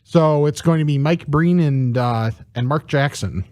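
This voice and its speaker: A man co-hosting sports talk radio, giving quick, detailed basketball analysis with dry asides. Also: fairly high pitch, a little mellow, no room sound.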